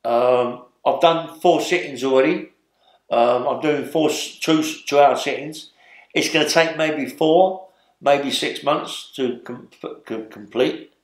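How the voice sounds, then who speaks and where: Gravel-free 70s London man, rambling storyteller, roomy echo. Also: medium pitch, takes it slowly. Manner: rambling, tags lines with "yeah?" and "you know what I mean?". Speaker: interview guest. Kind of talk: storytelling interview.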